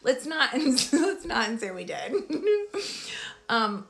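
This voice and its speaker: A woman chatting casually with her viewers about her recovery, digressive and quick to laugh, with sudden animated outbursts. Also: high-pitched, faint music behind. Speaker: vlogger sharing her recovery story. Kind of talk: casual live chat with viewers.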